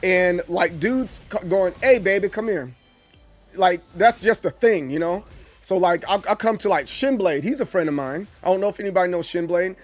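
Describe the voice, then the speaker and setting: Streamer, forties, drawl, higher-pitched, excitable and full of restarts. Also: male voice, normal speed, soft background music. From Southern US. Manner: animated, stumbling restarts, acts out quoted voices. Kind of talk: casual live-stream chat with chat.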